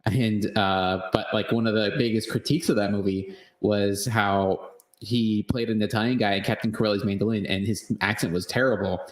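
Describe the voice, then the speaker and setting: Low-voiced rambling man in an echoey room. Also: steady tone, normal speed. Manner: rambling, full of fillers and restarts; swears freely. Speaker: podcast co-host. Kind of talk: casual movie-review chat.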